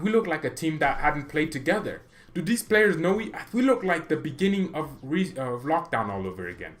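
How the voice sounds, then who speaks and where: A young man talks through a football match in a casual reaction vlog. He is animated and opinionated, jumping between thoughts with quick restarts. His voice sits at an ordinary male pitch. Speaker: football fan channel host.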